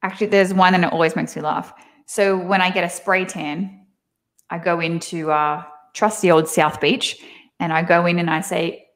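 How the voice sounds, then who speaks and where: Young woman, strong Aussie accent, low-set voice, chatty storyteller on a home video call. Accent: Australian. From Australia. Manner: chatty, animated storytelling with quick laughs. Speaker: guest. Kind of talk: casual interview chat.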